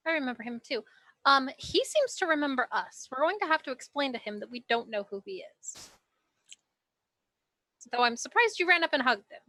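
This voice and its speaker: A woman playing in a tabletop game, moving in and out of character and asking a lot of probing questions. She speaks in a high, bright voice on a close, dry mic. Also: lively intonation, a little fast, no echo. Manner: questioning, hesitant with frequent ums. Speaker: player. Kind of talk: tabletop role-play, in and out of character.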